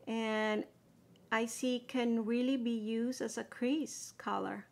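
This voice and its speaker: Woman beauty vlogger, slow and gravelly, chatting through her eye makeup. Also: a little high, fairly bright tone. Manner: chatty, explaining steps while applying makeup. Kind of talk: casual makeup tutorial chat.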